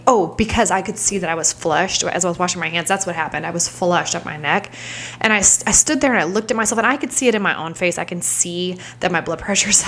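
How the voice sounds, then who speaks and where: A woman in her thirties shares a personal story in a reflective, candid vlog. She talks in a searching, thinking-out-loud way, at a middle pitch for a woman, and now and then falls into a hushed whisper. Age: 30s. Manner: candid, searching, trails off into soft whispers when reliving moments. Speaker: vlogger.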